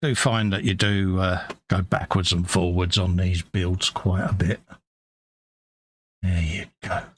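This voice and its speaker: A man's voice: low-pitched, level tone, unhurried. A British man hosting a live stream, chatting casually and muttering asides to himself as he paints models. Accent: British English. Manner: chatty, mumbling asides to himself while working. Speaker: livestream host painting models. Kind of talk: casual chat while painting.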